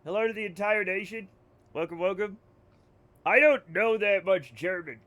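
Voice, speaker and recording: High-voiced jokey American streamer. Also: male voice, normal speed, fairly bright tone. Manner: jokey, rambling, talks to chat. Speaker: game streamer. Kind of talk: casual livestream chat.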